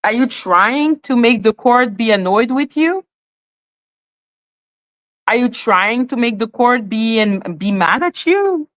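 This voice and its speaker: Her voice runs a little high and a bit bright, animated yet slow-paced, as this commentary channel host rants about a court case. She fires off exasperated, profane rhetorical questions in a slightly non-native accent.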